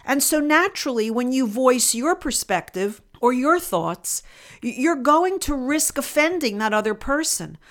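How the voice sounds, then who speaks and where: A woman hosting a podcast, telling a story and giving her opinions in a measured, pointed way. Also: sits high, sing-song. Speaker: podcast host.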